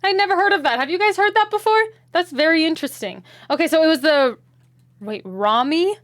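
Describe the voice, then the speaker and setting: An American woman hosting a reaction video, chatting casually and asking curious questions out loud. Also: very high voice, expressive, fairly quick. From United States. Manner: curious, asks many questions aloud, laughs often.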